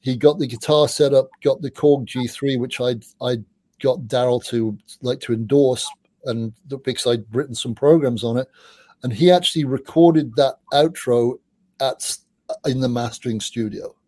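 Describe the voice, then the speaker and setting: As an interview guest, a middle-aged music journalist recounts animated, rambling anecdotes, swearing casually now and then. His medium-pitched voice moves at a moderate pace on a dry recording.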